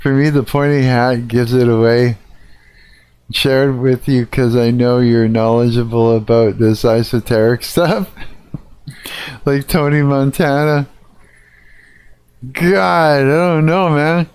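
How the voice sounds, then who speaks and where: Slow-talking man, smooth dry voice. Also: mid-range voice, level tone, darkish tone. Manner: laughing, swearing, puzzled thinking aloud. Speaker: live streamer. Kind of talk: casual live-stream reaction.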